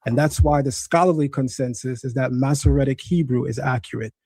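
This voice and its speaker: Man with a mellow, dry voice, correcting. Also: medium pitch, steady tone, fairly quick, breathy edge, no room sound. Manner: insistent, corrective, lecturing. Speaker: host. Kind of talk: livestream debate on Hebrew pronunciation. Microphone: screen-sharing stream setup.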